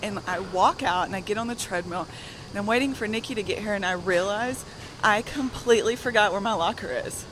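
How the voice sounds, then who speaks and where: A young woman with a soft Southern accent, a bit out of breath, telling a rambling story on a treadmill in a gym. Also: medium pitch, fairly quick, noisy background. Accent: Southern American. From American South. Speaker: guest. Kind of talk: casual storytelling.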